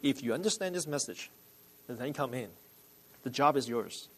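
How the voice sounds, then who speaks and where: A calm, matter-of-fact employer, as a man acts him out. He speaks in an even, measured way with a lowered pitch and quiet authority.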